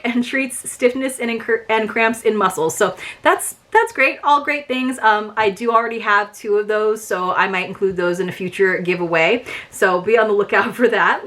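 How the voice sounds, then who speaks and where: A woman's voice: on the high side, a bit bright. Young woman, casual unboxing vlogger, upbeat and rambling. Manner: chatty, upbeat, lots of fillers. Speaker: subscription box reviewer. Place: home filming room.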